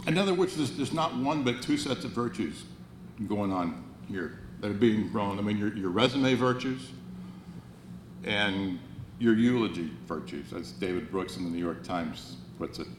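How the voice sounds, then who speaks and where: A man's voice: on the low side, lively intonation, moderate pace. A man in his sixties delivers an earnest, wry motivational speech in a roomy banquet hall. He often repeats and restarts words as he goes. A faint hum sits under his voice. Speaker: banquet speaker.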